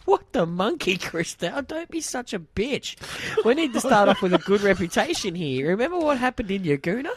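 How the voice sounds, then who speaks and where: A man's voice: high-pitched, big pitch swings, moderate pace, hardly any pauses, breathy edge, no echo, pitched above the performer's own voice, exaggerated voice. Grumbling lazy husband read by a man, crude and swooping, in a comedy read-through. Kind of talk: amateur script read-through.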